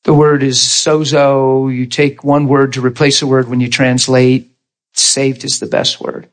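A man preaching a sermon, telling stories in an animated way and jumping up in pitch when he acts them out. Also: a little slow. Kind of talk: storytelling sermon.

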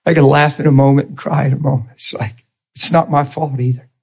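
A man preaching a sermon with passion, firing rhetorical questions at the congregation and swinging between loud bursts and hushed, intimate speech. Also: medium pitch, steady tone, fast talker, breathy edge.

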